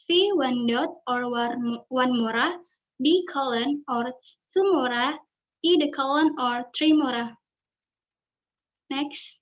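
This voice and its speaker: Female student presenter, high voice, careful halting read, dull recording. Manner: careful, halting reading with restarts. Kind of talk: reading a class presentation.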